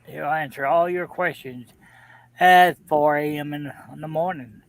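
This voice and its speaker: A man's voice: on the high side, fairly even intonation, unhurried, creaky, no room sound. A man co-hosting a casual live stream, teasing with dry humor.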